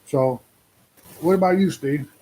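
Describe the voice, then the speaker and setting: A man's voice: on the high side, measured pace, mellow, a little hiss or hum. A man in his sixties venting on a casual livestream, rambling and putting questions to his viewers. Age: 60s. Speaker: trucker livestream host.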